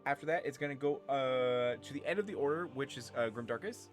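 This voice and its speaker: A man's voice: mid-range voice, fairly quick, faint music behind. A man running a tabletop game as game master, narrating and laughing easily. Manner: laughs often, easygoing.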